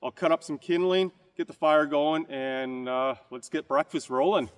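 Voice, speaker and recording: A man's voice: a little high, normal speed, smooth, long reverb tail. A man vlogging a campfire breakfast outdoors, chatting casually to his viewers. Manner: chatty, addresses viewers as "you guys". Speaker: homestead vlogger.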